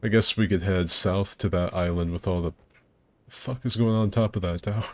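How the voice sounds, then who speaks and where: A man streams a co-op game with friends, rambling casually, swearing freely and laughing a lot. His voice is low and moves at a moderate pace, and the recording is dry.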